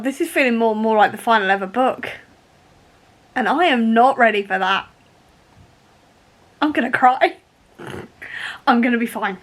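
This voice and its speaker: A young woman talking in a casual reading vlog, emotional and laughing through tears as she reacts to a book. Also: a little high. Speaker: book vlogger.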